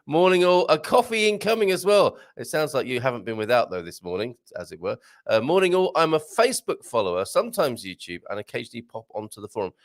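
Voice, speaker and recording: A British man with a mid-range, sing-song voice hosts a casual morning live stream from a home studio with a green screen. He is chatty and rambling, chuckles often, reads viewer comments aloud, and slowly tries out Portuguese phrases.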